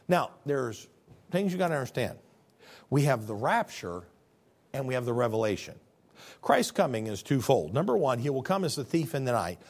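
A man preaching a sermon in a folksy, conversational way, swinging from loud exclamations to hushed tones. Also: mid-range voice, big pitch swings, moderate pace. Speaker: pastor.

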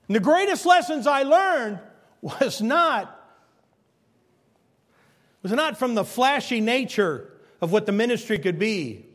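A man's voice: high-pitched, big-room sound. A man pastor preaching a sermon, telling stories and emphatically repeating his key points.

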